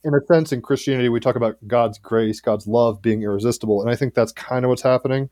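A man's voice: medium pitch, fast talker, mellow, slight background noise. A man hosting a casual conversation, rambling and candid, with loose phrasing.

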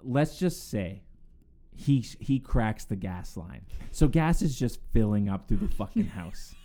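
A man's voice: fairly low pitch, sing-song, a little slow, mellow. A man co-hosting a podcast, chatting casually and rambling, laughing often and swearing a lot. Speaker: podcast co-host. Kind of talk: casual profane chat.

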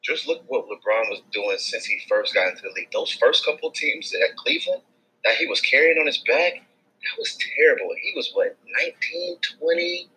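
A man co-hosting a casual sports podcast, excitable and building his arguments with rising emphasis. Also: medium pitch, normal speed, low-quality recording. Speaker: podcast co-host.

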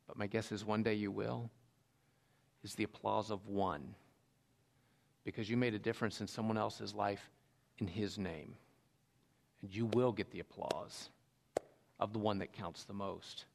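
A man preaching a sermon as pastor, telling a story with lively swings between loud emphasis and quiet asides. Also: on the low side, gravelly.

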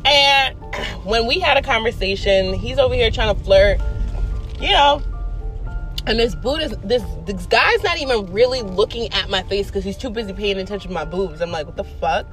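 A young woman tells a story in a loose, profane, animated way, jumping into the voices of the people she quotes. Her voice sits at an ordinary pitch, and soft music plays faintly behind her. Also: normal speed. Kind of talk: casual storytelling.

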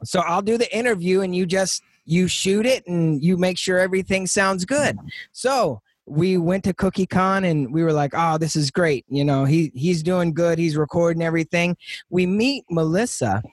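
Husky, high-voiced male host. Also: moderate pace, dry recording. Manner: rambling, many restarts, animated retelling. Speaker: podcast host and interviewer. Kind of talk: casual interview chat.

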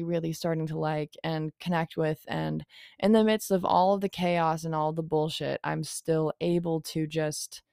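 A woman's voice: fairly low pitch, creaky, darkish tone, clean tone, no echo, clean studio sound. A young woman hosting a solo podcast, talking frankly and confessionally in a rambling way and swearing freely. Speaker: podcast host. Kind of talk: candid solo podcast monologue.

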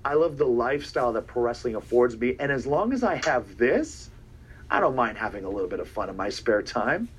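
A man's voice: mid-range voice, sing-song, fairly quick, a little hiss or hum. A man, a pro wrestler, giving a boastful, taunting promo interview in a clip from a TV broadcast, often stammering and repeating his words.

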